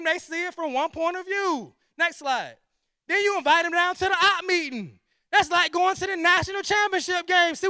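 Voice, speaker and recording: A man giving an energetic, preachy motivational sales presentation, full of rhetorical questions and repetition. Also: extremely high pitch, dry recording, studio quality. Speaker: sales team leader.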